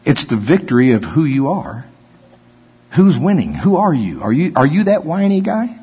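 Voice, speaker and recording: A man's voice: a little high, very animated, normal speed, breathy edge. A man preaching a conversational sermon, joking and acting out whiny voices. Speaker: pastor. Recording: dull sound with long hall reverb.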